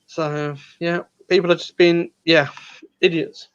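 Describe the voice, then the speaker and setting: Chatty man, high voice. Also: level tone, measured pace, smooth, lo-fi sound. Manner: chatty storyteller who acts out quotes. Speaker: host. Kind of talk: casual chat.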